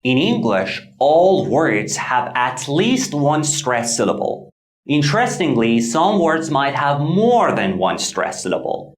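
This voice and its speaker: Slow, animated male pronunciation teacher. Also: mid-range voice, roomy sound. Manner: measured, carefully enunciated delivery with repeated model words. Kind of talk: scripted pronunciation lesson.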